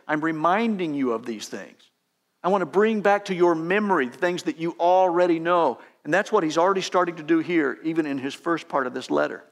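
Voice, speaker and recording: A man, a pastor, preaching a sermon with emphatic exhortations that rise in pitch.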